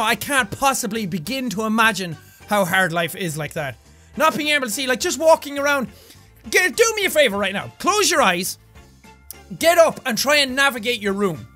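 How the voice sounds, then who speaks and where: A young Irish man riffs to his viewers in a very high, bright voice, rambling from thought to thought and bursting into loud yells. Faint music plays underneath. The delivery is loose and casual, like an online video host. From Ireland. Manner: animated, loud bursts of yelling, rambling asides. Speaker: gaming YouTuber. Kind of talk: energetic casual commentary to camera.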